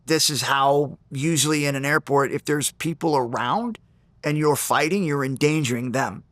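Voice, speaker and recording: A man being interviewed, retelling an old grudge in an intense, animated way with many restarts. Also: a little high, moderate pace, dry recording. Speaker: interview guest, former fighter. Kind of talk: storytelling in a sit-down interview.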